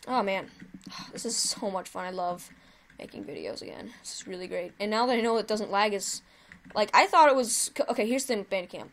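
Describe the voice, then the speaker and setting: A woman hosting her own gaming video, giving chatty, excitable live commentary while she plays and cheering at her wins. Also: medium pitch, a little fast.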